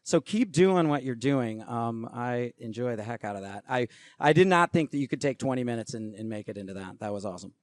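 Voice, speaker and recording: A man co-hosting a podcast, speaking in an easygoing, halting way with many restarts. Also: mid-range voice, animated, no echo, studio quality. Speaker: podcast co-host. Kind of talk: casual podcast chat.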